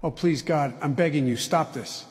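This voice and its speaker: Actor as a panicked skit character, high-pitched, begging, reverberant room. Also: male voice, moderate pace, a little mellow, natural voice. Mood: pleading. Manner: frantic, pleading. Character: panicked man trapped in a skit, realizing he's fake.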